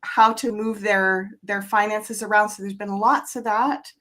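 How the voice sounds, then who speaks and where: A woman's voice: mid-range voice, fairly even intonation, unhurried, sharp tone. A middle-aged woman co-hosting a casual spiritual chat show, enthusiastic and rambling with fillers. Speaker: co-host and reader.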